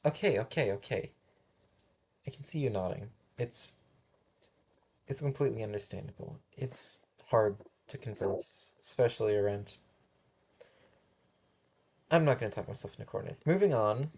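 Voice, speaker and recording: Heavily acted, this amateur animation performance has a man speaking on the low side, expressive and at a moderate pace, with vocal fry, long pauses and a slightly mellow, slightly rough tone. He plays a flustered first-grade teacher taking roll who stumbles, restarts and keeps apologizing, all with patience.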